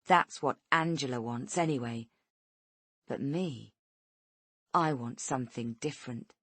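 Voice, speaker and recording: A woman voicing a bitter female kidnapper who speaks low, slow and softly threatening. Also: no room sound, full character voice. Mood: menacing.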